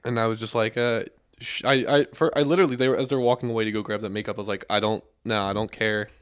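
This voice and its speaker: A man's voice: fairly low pitch, steady tone, fast talker, smooth. A young man, a podcast guest, telling stories in a rambling, casual way with many restarts. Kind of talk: casual chat.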